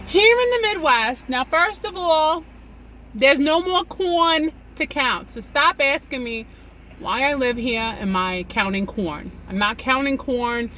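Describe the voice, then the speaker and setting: A woman rants sarcastically at the wheel of her car, her high voice swooping up and down. Loud road noise hums behind her. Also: measured pace. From New York. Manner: animated, sarcastic ranting. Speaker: comedy vlogger. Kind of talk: talking to herself while driving. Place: inside a car while driving.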